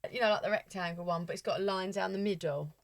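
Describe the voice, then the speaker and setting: A woman co-hosting a podcast, chatting casually with teasing, wry, deadpan asides. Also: medium pitch, quick pace, no room sound. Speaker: podcast co-host. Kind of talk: casual chat.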